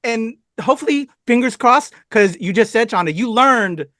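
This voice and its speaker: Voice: mid-range voice, animated, moderate pace, fairly bright tone, dry recording, studio quality. An interview host who talks in an enthusiastic, gushing way. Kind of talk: casual interview chat.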